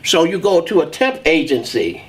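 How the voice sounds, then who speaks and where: A man's voice: fairly high pitch, sing-song, moderate pace, a little hiss or hum. A man telling his life story as an interview guest, acting out the voices of the people in it. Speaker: guest, saxophonist.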